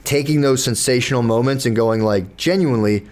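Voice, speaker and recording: In casual podcast chat, a young male host explains things in a loose, profane ramble, restarting often and voicing his inner dialogue aloud. His mid-range voice has a darkish tone and moves a little fast.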